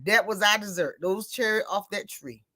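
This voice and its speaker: A woman with a mid-range voice and a moderate pace hosts a casual chat. She's chatty and tells stories, animatedly acting out the exchanges with quoted dialogue.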